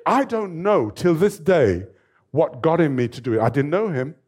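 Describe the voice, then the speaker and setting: A man in his seventies, a fitness trainer telling stories as an interview guest in a lively, animated way. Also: fairly high pitch, normal speed, husky. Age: 70s. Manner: lively, animated storyteller who laughs often. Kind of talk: storytelling in an interview.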